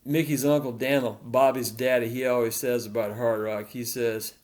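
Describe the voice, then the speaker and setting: A man narrating a literary story in a rhythmic, repetitive, deliberate delivery. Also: mid-range voice, steady tone, a little mellow.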